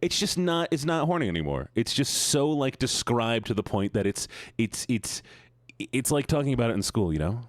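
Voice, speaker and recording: A man's voice: mid-range voice, very animated, moderate pace, no room sound. A man streaming, greeting his viewers in a playful, sing-song, teasing way. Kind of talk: casual chat greeting viewers.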